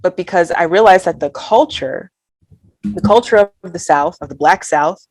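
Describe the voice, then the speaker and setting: A woman's voice: on the low side, normal speed, darkish tone, dry recording. Earnest woman guest, dry close sound. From Alabama, US. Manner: candid and earnest, with light laughs and acted-out quoted thoughts. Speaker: guest poet. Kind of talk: reflective conversational interview.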